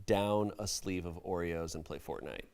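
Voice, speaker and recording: A man's voice: low voice, moderate pace, darkish tone. A man hosting a casual comedic podcast, reading online stories aloud and adding wry, amused remarks. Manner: wry, amused commentary between read passages.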